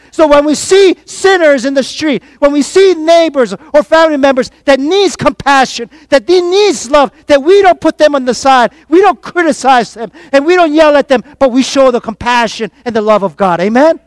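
A man preaching a sermon to his congregation, calling out for responses and swinging between quiet reflection and loud exhortation. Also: very high voice, expressive, normal speed, few pauses, dry recording. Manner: call-and-response preaching, rising and falling in force. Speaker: pastor.

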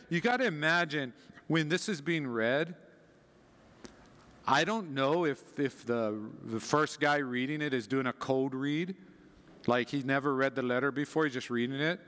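A man with a fairly high voice preaches in an animated, conversational way. He dramatizes the passages he quotes. His voice carries a long reverb from a big hall. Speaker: pastor. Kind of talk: sermon.

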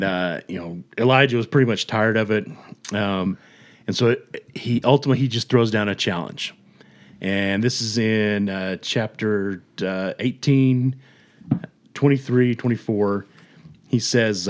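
A man casually retelling a story on a podcast, animated, chuckling and acting out quotes. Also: lowish voice, measured pace. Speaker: podcast host.

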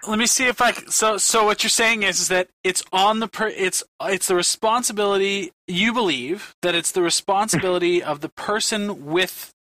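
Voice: medium pitch, moderate pace, few pauses, sharp tone, no echo. A podcast co-host chatting casually, hesitant as if thinking aloud. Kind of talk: casual chat.

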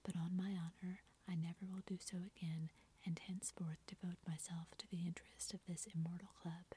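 A woman's voice: fairly low pitch, flat delivery, a little fast, warm tone. A woman whispering a playful, gallant teenage boy, as whispered role-play. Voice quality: breathy whisper.

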